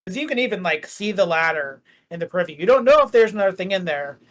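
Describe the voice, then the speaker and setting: A man's voice: high-pitched, expressive, fast talker, a bit bright. A man running a tabletop game as game master, describing the scene in a loose, rambling way full of "like" and "uh". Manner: rambling, filler-heavy, jokey.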